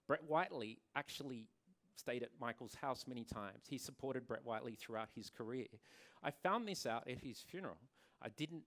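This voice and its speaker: A man speaks to a conference audience about the salon he runs. His voice sits at a medium pitch, and he sounds earnest. He often stumbles over words, repeats them, and starts his sentences again. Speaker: salon owner and presenter. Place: conference venue.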